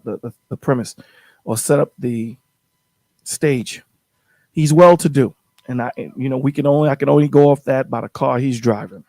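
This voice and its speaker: A man's voice: mid-range voice, darkish tone, no room sound. A man hosting a call-in show, telling a story in casual chat, rambling and repeating his words.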